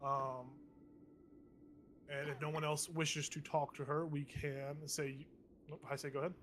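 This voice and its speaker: A man's voice: a little high, little pitch movement, a little slow, fairly bright tone, a little hiss or hum. A man running a tabletop game as game master, talking in a loose, teasing way with lots of fillers.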